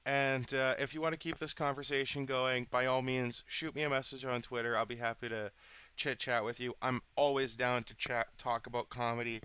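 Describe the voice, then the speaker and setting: A man's voice: medium pitch, little pitch movement, normal speed, sharp tone, clear, resonant tone, no room sound. A man hosting his own channel, chatting in a rambling, candid monologue that often stops and restarts. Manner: chatty, self-interrupting, candid. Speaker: channel host.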